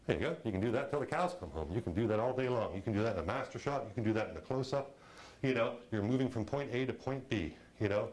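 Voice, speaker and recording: A man giving a lively lecture on film directing, chatty and full of "you know" and "okay", acting out audience reactions with sudden jumps in his voice. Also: on the low side, fast, low-quality recording. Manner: animated, acts out audience reactions in a raised voice.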